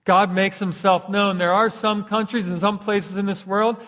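A man's voice: sits high, level tone, normal speed, a bit bright. A young man preaching a sermon in a conversational way, raising his voice for emphasis. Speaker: pastor. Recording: dull lo-fi recording.

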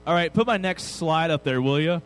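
Casual preaching man, slightly high voice. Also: lively intonation, a little fast, soft background music, low-quality recording. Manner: casual and conversational, self-deprecating humor. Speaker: pastor. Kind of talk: sermon with personal story.

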